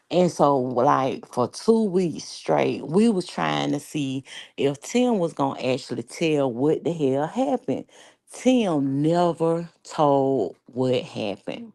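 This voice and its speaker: A woman telling a story in a casual storytime vlog, animated, laughing often and cursing freely. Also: sits low, slow, gravelly, poor audio. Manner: animated, profane, laughing, slangy. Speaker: vlogger.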